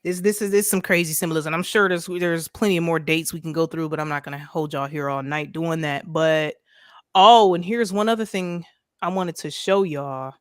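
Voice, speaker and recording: A woman's voice: low voice, fairly even intonation, normal speed, no room sound, studio quality. A woman co-hosting a casual ranting commentary over a video call, talking emphatically and asking "right?" again and again. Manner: emphatic, repeats points with rhetorical "right?". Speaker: podcast co-host.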